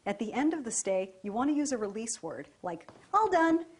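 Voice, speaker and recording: Calm, breathy woman dog trainer. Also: medium pitch, a little fast. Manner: calm, even, soft praise to the dog.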